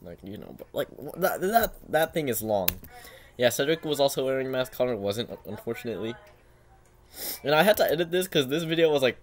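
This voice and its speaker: A teenage boy hosting a casual reaction video at home, excitable and self-mocking, saying "bro" a lot. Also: mid-range voice. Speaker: channel host reacting to his own old basketball video.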